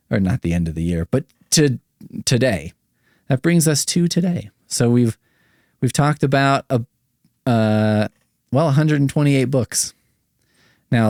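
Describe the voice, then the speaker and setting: Male podcast host, low voice with a wide range, profane, rambling and self-mocking, recorded dry. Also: darkish tone, no echo. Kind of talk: casual solo podcast talk.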